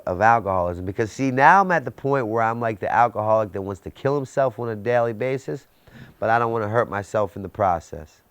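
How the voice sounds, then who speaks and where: A man's voice: fairly low pitch, clean tone, no room sound. Intense man telling his recovery story. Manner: intense, storytelling with rhetorical questions. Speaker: recovery speaker. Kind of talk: personal testimony.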